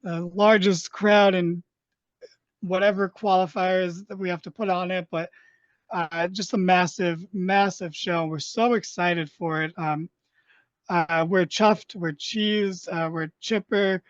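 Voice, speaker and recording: High-voiced man hosting a casual podcast. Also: steady tone, takes it slowly, dry recording, muffled recording. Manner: joking, rambling with many fillers. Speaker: podcast host. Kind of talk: casual wrestling podcast chat.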